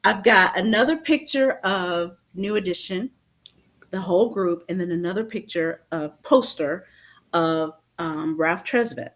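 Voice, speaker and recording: A woman's voice: lowish voice, measured pace. A woman in her fifties from North Carolina, telling stories as an interview guest and acting out other people's lines. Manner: animated storyteller, acts out others' lines. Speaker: interview guest, author and femininity coach. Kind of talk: casual storytelling interview.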